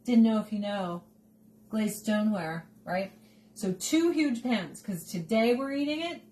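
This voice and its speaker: A woman's voice: mid-range voice, animated, measured pace, warm tone. A woman hosting a casual cooking video in her home kitchen, chatting in a rambling, jokey way with side stories. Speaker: cooking show host. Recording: noticeable background noise.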